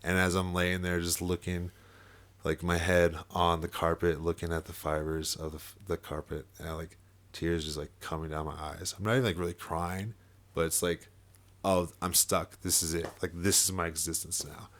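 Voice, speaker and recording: A young man with a very low voice tells a long personal story in a relaxed podcast conversation. He leans on fillers, swears freely and laughs as he talks. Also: normal speed. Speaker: podcast guest. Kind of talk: casual storytelling chat.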